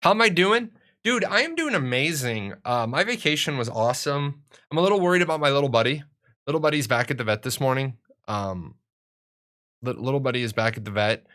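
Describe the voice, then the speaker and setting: A man's voice: medium pitch, lively intonation, fairly quick, fairly bright tone. A young adult man chatting casually and rambling on a live stream, joking about himself as he goes. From United States.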